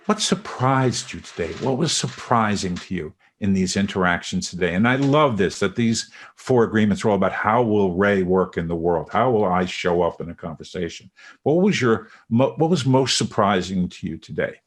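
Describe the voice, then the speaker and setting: Low-voiced man hosting a podcast. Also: animated, moderate pace. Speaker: podcast host. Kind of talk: casual podcast conversation.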